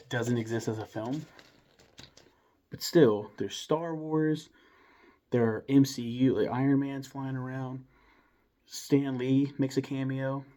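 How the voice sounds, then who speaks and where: A man's voice: mid-range voice, warm tone. A young man giving a casual, rambling film review full of enthusiasm, restarts and mild swearing.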